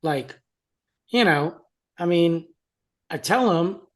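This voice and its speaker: A man's voice: on the high side, animated, slow, fairly bright tone. Podcast co-host, young adult man, chatty storyteller who quotes others. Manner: storytelling, acts out quotes, laughs often. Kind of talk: casual podcast chat.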